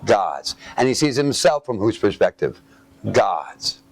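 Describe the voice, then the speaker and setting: A man's voice: lowish voice, big pitch swings, unhurried. A man preaching a sermon, reading scripture aloud and asking his listeners to fill in the missing words. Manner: asks fill-in-the-blank questions of listeners; reads scripture aloud, then comments.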